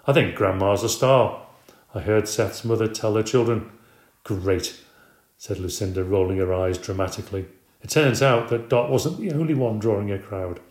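A man narrating a children's story in an expressive, conversational audiobook reading. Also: on the low side, brisk. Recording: roomy echo.

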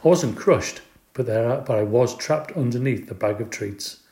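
A man's voice: mid-range voice, normal speed. Man reading a children's story aloud. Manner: expressive, playful, does character voices. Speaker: audiobook reader. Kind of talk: storybook narration. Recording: echoey room.

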